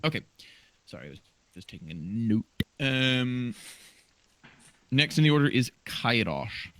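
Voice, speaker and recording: A man's voice: mid-range voice, very animated, unhurried, a bit bright, no echo. A man acting as game master, calling turns and bantering in a wry, distracted way. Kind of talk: running a tabletop game over voice chat.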